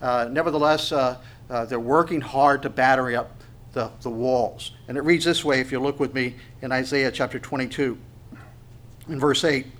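A man's voice: medium pitch, fairly even intonation, normal speed, a bit bright. A male pastor giving a conversational Bible teaching, full of fillers and restarts, with wry asides and sharper emphatic bursts on key points.

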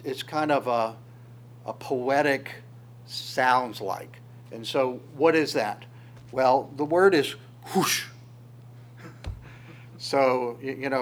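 Guy running a bible study, talks it through slow and halting, faint hum behind. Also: medium pitch. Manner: halting, thinking aloud with many pauses. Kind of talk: informal Bible study teaching.

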